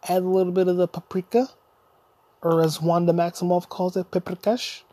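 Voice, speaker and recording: Young guy podcast host cussing out the listener, husky and mellow voice, just ranting solo. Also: sits high, little pitch movement, fairly quick. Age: young adult. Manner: profane, insulting, mock-lecturing the listener. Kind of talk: solo comedic rant.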